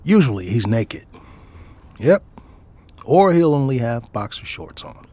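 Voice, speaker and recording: A man's voice: medium pitch, big pitch swings, measured pace, mellow. A father reading his own personal essay aloud in a reflective way, often dropping into a near whisper.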